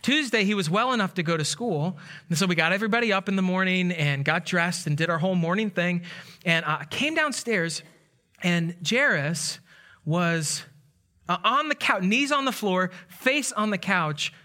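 A man's voice: high-pitched, moderate pace. A man preaching a sermon as pastor, telling stories and acting out the people in them. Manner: storytelling with animated quoted voices.

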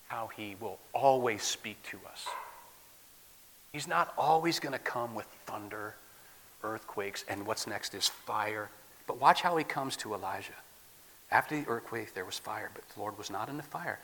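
A man from the Midwest preaching a sermon as a guest pastor, swinging from loud declaiming to soft near-whispers, in a church. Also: lowish voice, slight background noise. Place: church sanctuary. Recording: long hall reverb.

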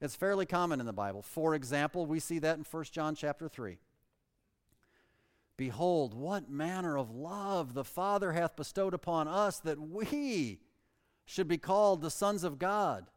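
A pastor preaching a sermon, emphatic and swinging between loud and soft, reading scripture aloud in old-fashioned wording. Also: male voice, on the high side, expressive, a little slow. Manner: reads scripture aloud in King James wording. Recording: long reverb of a large hall.

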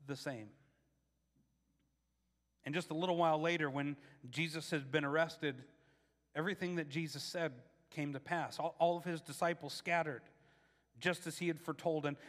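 A man's voice: a little high, fairly bright tone, big-room sound. A man preaching a sermon in a casual, conversational way, often repeating words as he starts his sentences. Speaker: pastor.

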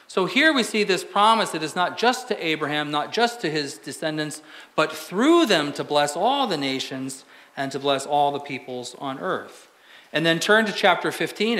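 A pastor's slightly high, somewhat bright voice carries through the church sanctuary as he preaches in a conversational way. He leans on rhetorical questions throughout.

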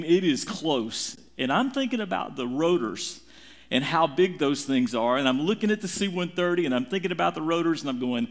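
Middle-aged guy preaching, tells a story all dramatic, voice swoops up high then drops low. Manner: animated, dramatic retelling with big swings in pitch. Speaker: pastor. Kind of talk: sermon storytelling.

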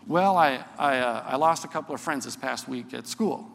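A man quoting his teenage daughter in his sermon, voicing her halting, candid replies. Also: mid-range voice, creaky, fairly bright tone, big-room sound, voice pushed down. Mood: hesitant. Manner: hesitant, halting.

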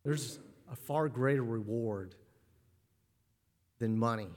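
A man's voice: mid-range voice, slow pace, darkish tone. Earnest man preaching a sermon. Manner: earnest, repeats words when starting phrases. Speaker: pastor.

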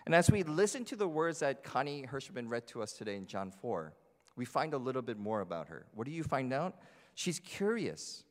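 A man's voice: mid-range voice, big pitch swings, normal speed. Chatty preacher man in a reverberant sanctuary. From New Jersey. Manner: chatty, asks the congregation questions. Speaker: pastor. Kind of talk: conversational sermon. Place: church sanctuary. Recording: long hall reverb.

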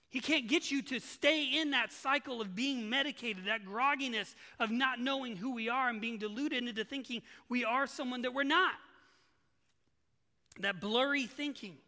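A man's voice: very high-pitched, normal speed, bright, forceful tone, in a large hall. A male pastor preaching a sermon in a church, earnest and emphatic, repeating his key phrases.

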